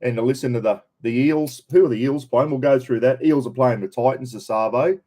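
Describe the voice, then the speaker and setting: Fairly quick and dark-toned with a medium pitch, an Australian man hosts a laid-back live stream from his caravan on the road. He chats easily, greeting viewers by their names.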